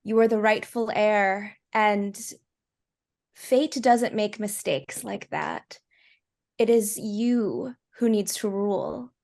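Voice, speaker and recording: A woman voicing her knight character, speaking slowly and earnestly in a tabletop game. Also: mid-range voice, creaky, darkish tone. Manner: slow, earnest speech. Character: brave knight Tamura, earnest young woman.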